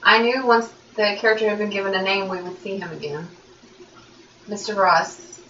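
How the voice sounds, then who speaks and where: A woman's voice: medium pitch, steady tone, normal speed, bright, forceful tone, dull audio. Woman chatting on a podcast, laid back, sounds far away in a roomy space. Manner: easygoing, laughs often. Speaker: podcast co-host. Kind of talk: casual chat. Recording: echoey, distant room mic with faint noise.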